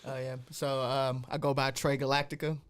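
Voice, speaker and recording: A man with a smooth, resonant mid-range voice speaks as a guest musician. He stays flat and even in tone, explaining things in a steady way that keeps trailing off with "or so". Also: medium pitch, normal speed. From Texas, USA. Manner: steady, explanatory, says "or so" a lot. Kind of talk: casual interview chat.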